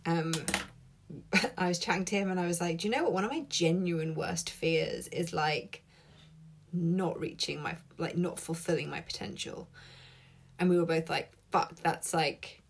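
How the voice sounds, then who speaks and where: A woman's voice: on the low side, moderate pace. A woman hosting a live stream, chatting casually to viewers, swearing freely and reacting to their comments. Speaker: host of live tapping session. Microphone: laptop.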